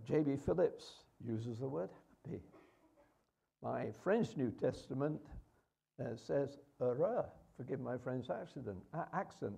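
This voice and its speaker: A male preacher delivers a sermon in a relaxed, conversational way, often asking his listeners rhetorical questions. His voice is very gravelly and husky, with a dark, mellow tone. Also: mid-range voice.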